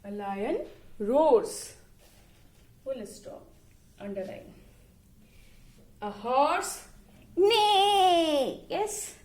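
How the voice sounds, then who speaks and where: A woman teacher talks through a lesson at a very slow, deliberate pace. Her pitch sits a little high and swings widely, climbing sharply whenever she imitates an animal. She often spells words out letter by letter. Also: big pitch swings, darkish tone. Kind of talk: online class lesson.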